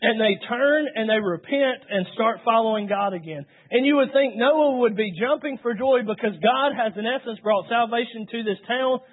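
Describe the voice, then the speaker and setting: High-voiced man preaching over tinny sound. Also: moderate pace, few pauses. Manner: storytelling, retells scripture dramatically. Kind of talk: sermon.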